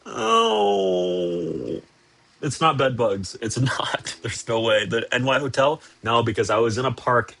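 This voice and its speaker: A young man with a slightly husky voice at a middle pitch, talking loosely on a livestream from a hotel room. He rambles and cracks self-deprecating, sarcastic jokes, swears freely and answers chat as he goes. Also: moderate pace, few pauses, pushed and bright. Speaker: streamer. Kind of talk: casual livestream chat reading viewer messages.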